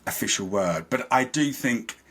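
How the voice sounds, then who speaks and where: A man's voice: medium pitch, expressive, moderate pace, fairly bright tone, slightly rough. A man, a podcast guest, chatting casually and rambling about things he is a fan of. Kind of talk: casual chat.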